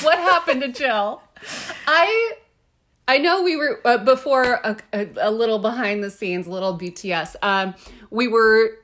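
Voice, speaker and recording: A woman's voice: on the high side, lively intonation, normal speed, fairly bright tone. A woman co-hosting a podcast in casual chat. She reacts in a bubbly way with lots of fillers. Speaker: podcast co-host.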